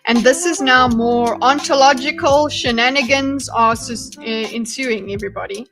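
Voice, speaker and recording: A woman's voice: on the high side, moderate pace, over music. A woman hosting a live stream, casually reacting to a debate video, thinking aloud and greeting her chat. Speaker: commentary streamer.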